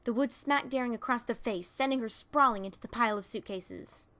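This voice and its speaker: A woman's voice: fairly high pitch, a little fast, noisy background. A woman narrating a fan fiction audiobook, reading expressively and voicing its characters.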